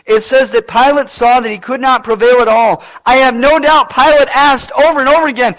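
A man preaching with a high-pitched voice. He builds his delivery dramatically, swelling to loud emphasis and then sinking low. It is a sermon from the pulpit, earnest and theatrical. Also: fairly even intonation, brisk, few pauses.

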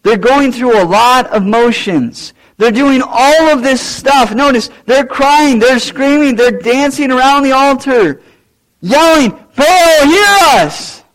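A pastor delivers a sermon in a strikingly high male voice. He builds to loud, raised lines, then sinks into low, quiet asides to the congregation. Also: measured pace, hardly any pauses, low-quality recording.

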